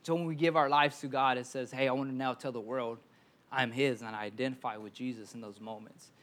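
A man's voice: medium pitch, steady tone, fairly quick, fairly bright tone. A young adult man preaching a conversational sermon as pastor, often stammering and repeating words as he talks.

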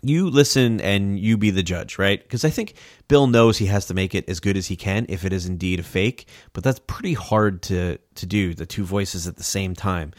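Man, casual comedy podcast host; lowish voice, dead-dry booth sound, lively and swearing. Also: normal speed, no room sound. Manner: animated, swearing, mock-outraged.

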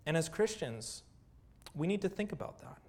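A man delivering a sermon from the pulpit, his voice sitting a little higher than most men's. He preaches earnestly, leaning on rhetorical questions and repeated phrases. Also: lively intonation, normal speed, a little mellow. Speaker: pastor.

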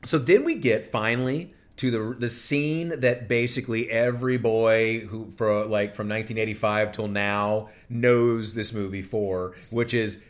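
A man's voice: lowish voice, fairly even intonation, unhurried, hardly any pauses. A man co-hosting a podcast, chatting casually about a film with many restarts and fillers. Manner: rambling, heavy on fillers and restarts. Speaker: podcast co-host. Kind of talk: casual film recap chat.

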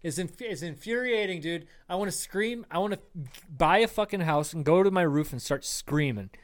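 A man's voice: high voice, animated, normal speed, dry recording. A man co-hosting a casual podcast, ranting heatedly and swearing a lot. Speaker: podcast co-host. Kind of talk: casual chat.

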